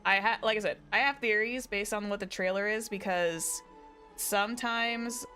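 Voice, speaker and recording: A woman's voice: mid-range voice, fairly even intonation, normal speed, pushed and bright, soft background music. A young woman streaming a game, chatting in a rambling way and correcting herself often. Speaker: VTuber streamer. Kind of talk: live game stream commentary.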